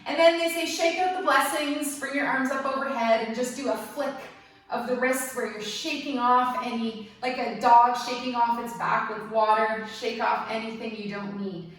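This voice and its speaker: A woman leads a yoga class with a bright, slightly high voice, gentle and playful, dropping light jokes between cues. She is heard from a little way off the mic, in a strongly echoing room. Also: fairly even intonation, moderate pace. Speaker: yoga instructor. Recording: very echoey room, mic at a distance.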